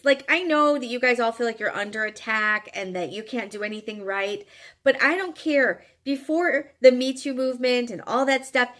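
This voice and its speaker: A woman's voice: medium pitch, fairly bright tone. A woman telling a personal story in a frank, emphatic way, with some casual swearing. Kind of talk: candid storytelling monologue.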